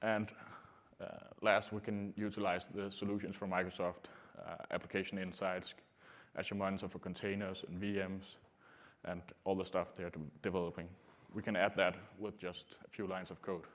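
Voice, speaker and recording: A man giving a technical conference talk to a room, speaking in a halting way with many filler sounds. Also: low voice, little pitch movement. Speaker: conference presenter.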